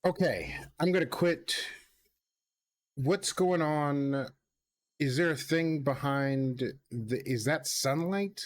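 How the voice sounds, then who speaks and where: A man's voice: on the high side, slow. Laid-back man muttering through a game stream. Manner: relaxed, muttering to himself as he plays. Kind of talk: casual chat while playing.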